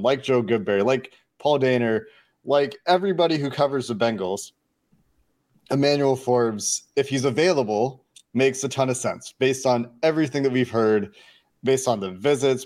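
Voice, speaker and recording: A man's voice: mid-range voice, a little mellow. A man co-hosting a sports podcast, talking analytically in long run-on lists with frequent restarts. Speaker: podcast co-host. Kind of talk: casual sports podcast chat.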